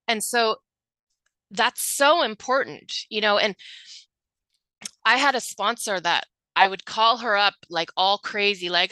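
Bright, crisp-voiced earnest woman. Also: mid-range voice, moderate pace, no room sound, poor audio. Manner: earnest, animated storytelling. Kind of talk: casual spiritual conversation.

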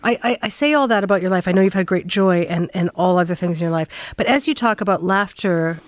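Gentle woman hosting a radio interview. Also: lowish voice, fast talker, no echo, studio quality. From Canada. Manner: warm, gentle questions with fillers, easily laughs along. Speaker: radio host.

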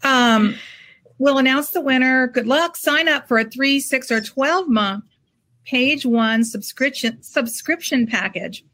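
A woman's voice: fairly high pitch, fairly bright tone. A woman co-hosting a book show, reading giveaway details in an upbeat, slightly scattered way. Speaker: co-host. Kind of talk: casual chat.

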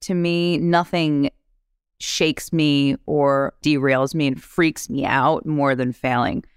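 Smooth-voiced woman guest, frank and animated, dry close mic. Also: low-pitched, slow pace, no room sound. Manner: animated, laughing, acts out quotes; frank, swears casually. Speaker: actress guest. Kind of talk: candid podcast storytelling.

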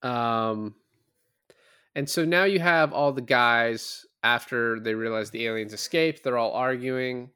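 Guy on a movie podcast, dry close mic, laughs a lot and yells out the quotes. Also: mid-range voice, a little slow, smooth, no echo. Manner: animated retelling, laughs often, acts out quoted lines loudly. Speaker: podcast co-host. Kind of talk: casual movie discussion.

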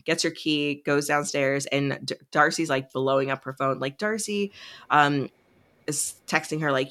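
A woman's voice: low-pitched, measured pace, a bit bright. A woman co-hosting a podcast, chatting casually as she recaps a novel's plot and acts out the characters' lines. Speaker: podcast co-host.

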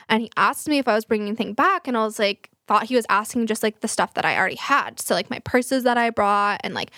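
A young woman with a fairly high voice, chatting casually as a co-host. She tells a story quickly, with "like" in every other breath, laughing and swearing. The sound is close and dry. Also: expressive, bright, forceful tone, no room sound. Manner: fast, filler-heavy, laughing, profane storyteller. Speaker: podcast co-host.

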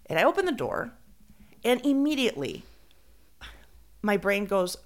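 A woman tells a story on a podcast. She talks in a casual, animated way and acts out each quote. Now and then she drops a Spanish phrase. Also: medium pitch, measured pace, pauses often. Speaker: podcast co-host.

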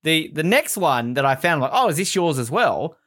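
A man co-hosting a casual podcast, chatting and telling stories, often slipping into quick voices for other people. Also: a little high. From Canada. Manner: animated storytelling, does quick voices for others. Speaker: podcast co-host.

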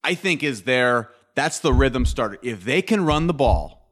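A man's voice: mid-range voice, lively intonation, a little slow, a bit bright. A man co-hosting a sports talk podcast, building his points step by step in a casual, thoughtful way.

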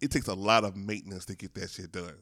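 A man in his thirties co-hosting a casual podcast chat, animated and profane, acting out the voices of people he quotes. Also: sits low, fast, no echo, clean studio sound. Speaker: podcast co-host.

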